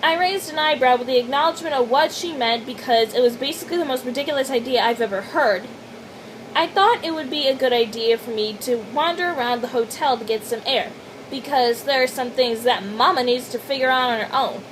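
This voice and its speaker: A young woman reading her own fanfiction aloud in an animated, dramatic first-person voice. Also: high-pitched, a little fast, background noise. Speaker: fanfiction reader.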